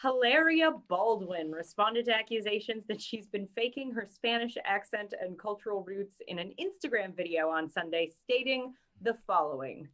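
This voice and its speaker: A woman's voice: mid-range voice, animated, moderate pace, hardly any pauses, a bit bright. A woman co-hosting a casual podcast, reading news items and chatting with amusement. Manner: amused, laughing often. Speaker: podcast co-host.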